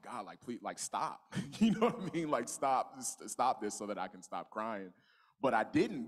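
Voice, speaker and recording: A young man preaching a sermon in a church, telling his story in a relaxed, conversational way with frequent restarts. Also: on the low side. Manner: conversational, testimony-style preaching with many restarts and "you know". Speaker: guest preacher. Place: church sanctuary.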